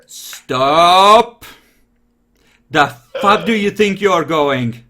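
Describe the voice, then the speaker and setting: A man's voice: sits high, big pitch swings, moderate pace, a bit bright, voice pushed up. A man voicing a furious male werewolf who snaps clipped, swearing orders while barely holding in his rage. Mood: enraged.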